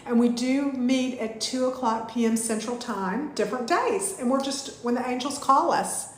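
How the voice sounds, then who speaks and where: A woman, teaching a live online spiritual class in a gushing, heartfelt way with drawn-out thank-yous. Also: on the high side, slight background noise. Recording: echoey room.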